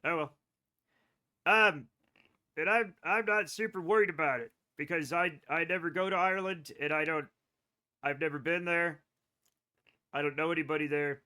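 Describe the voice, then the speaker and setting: A man's voice: fairly high pitch, normal speed, long pauses, bright, forceful tone. A man streaming a game live, chatting loosely with his chat, rambling between tasks and swearing freely. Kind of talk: casual live-stream chat while playing.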